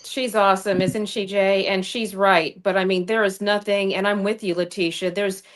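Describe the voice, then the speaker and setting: A woman's voice: mid-range voice, little pitch movement, moderate pace. A woman hosting a political talk show over a video call, telling a story with indignant passion. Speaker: political podcast host.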